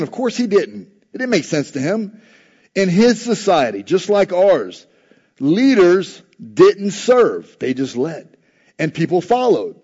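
A man's voice: high voice, very animated, unhurried, darkish tone, husky. Man preaching a sermon, lo-fi sound. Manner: earnest, conversational preaching with acted-out quotes. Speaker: pastor.

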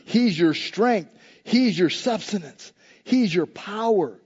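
High-voiced man preaching emphatically. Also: animated, takes it slowly, darkish tone, breathy edge, lo-fi sound. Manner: emphatic, repetitive preaching cadence. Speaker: pastor. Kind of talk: sermon.

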